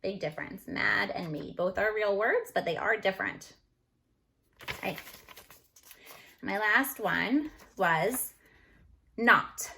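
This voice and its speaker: A woman teacher going over a phonics lesson on a video call, slowly sounding out letters and words. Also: mid-range voice, gravelly, bright, forceful tone, slight background noise. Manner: slow, deliberate, sounds out each letter. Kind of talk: recorded phonics lesson review.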